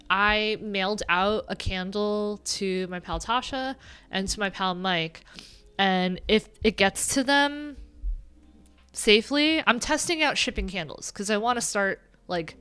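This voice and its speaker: Chatty and self-deprecating, a nasal-voiced woman rambles on her livestream, joking about herself. She speaks at a medium pitch with a smooth, fairly bright tone.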